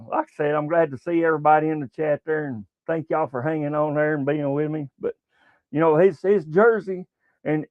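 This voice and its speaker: A rambling, folksy man with a Southern American accent chats through a sports livestream, his voice sitting a little high. The sound is thin and phone-like, and the room is very dry. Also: no echo. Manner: rambling, folksy, many fillers. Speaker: sports show host. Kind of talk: casual livestream chat. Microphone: webcam livestream setup.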